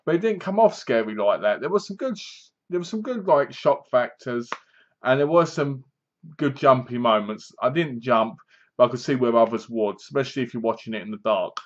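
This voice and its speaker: A man's voice: medium pitch, animated, moderate pace. Rambling man reviewing a film, lo-fi sound. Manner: rambling, loose, many restarts. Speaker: movie reviewer. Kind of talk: casual spoken film review.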